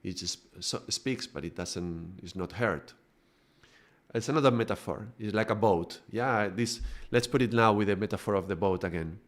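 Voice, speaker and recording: A chatty spiritual teacher gives an informal lesson in a conversational way, restarting sentences and using frequent tag questions. His voice is lowish and moderately paced.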